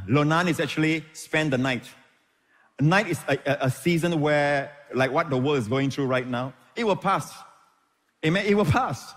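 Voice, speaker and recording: A man's voice: on the high side, in a large hall. A man preaching a sermon as pastor, calling for amens and explaining Hebrew words.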